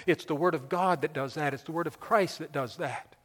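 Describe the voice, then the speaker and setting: High-voiced preaching man in a hall. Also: moderate pace, hardly any pauses. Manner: emphatic preaching, building lists to loud peaks. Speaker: pastor. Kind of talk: sermon.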